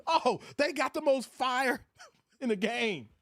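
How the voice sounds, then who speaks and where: Loud, animated livestream host, high-voiced man. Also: slow. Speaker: host of a livestream commentary show. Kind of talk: casual commentary reading live chat.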